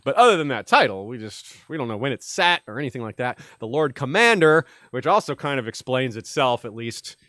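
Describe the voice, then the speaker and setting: A man hosting a casual podcast discussion, upbeat and quick to laugh. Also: medium pitch, big pitch swings, a bit bright, dry recording, clean studio sound. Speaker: podcast host.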